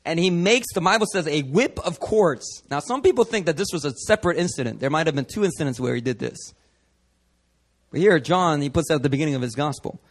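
A man preaching a sermon at a prayer meeting, animated and dramatic, moving between hushed stretches and loud bursts. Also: fairly high pitch, fast. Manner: animated, acts out scenes, shifts from hushed to loud. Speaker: pastor.

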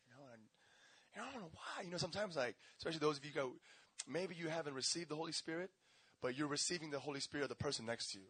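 Animated, high-voiced young preacher man. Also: rapid-fire, slightly rough, dry recording. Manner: animated storytelling, acts out voices, slangy, laughing and shouting. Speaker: pastor. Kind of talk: sermon with personal testimony.

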